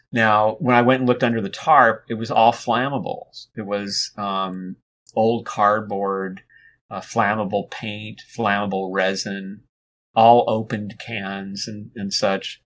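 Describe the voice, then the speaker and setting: Low-voiced man telling a story. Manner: relaxed, rambling, frequent restarts and fillers. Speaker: interview guest. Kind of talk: conversational storytelling.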